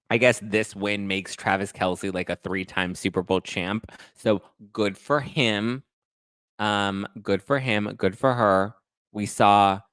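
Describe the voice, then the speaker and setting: A young adult man hosting a pop culture show, chatting casually in a gossipy, animated way and swearing now and then. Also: on the low side, clear, resonant tone, no room sound. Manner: gossipy, animated, sweary, acts out others' voices. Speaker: pop culture podcast host. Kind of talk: casual chat to camera.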